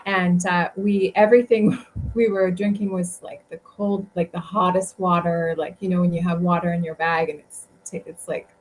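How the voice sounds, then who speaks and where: A woman's voice: on the low side, little pitch movement, normal speed, low-quality recording. A woman guest telling travel stories in a casual interview, chatty and rambling with many fillers. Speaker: guest author.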